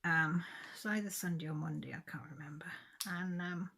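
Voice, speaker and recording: A woman with a somewhat low voice, chatting casually to her viewers. She rambles and circles back as she goes. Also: fairly even intonation, normal speed, creaky, bright, forceful tone, husky. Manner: rambling, loses track of days. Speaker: craft vlogger. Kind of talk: casual chat.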